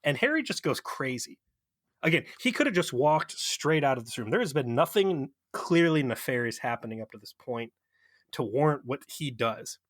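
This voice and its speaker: Male co-host, casual rambling recap, mid pitch, dry mic. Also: expressive, moderate pace, a bit bright, no echo. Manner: rambling, profane, amused recapping. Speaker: podcast co-host. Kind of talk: casual chat.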